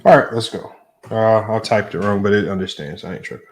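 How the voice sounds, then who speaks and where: A man hosting a debate stream, casually reading out matchups and topics and talking in relaxed slang. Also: fairly low pitch, brisk. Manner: relaxed, slangy, thinks aloud. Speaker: debate show host. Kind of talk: casual livestream chat, reading out a list.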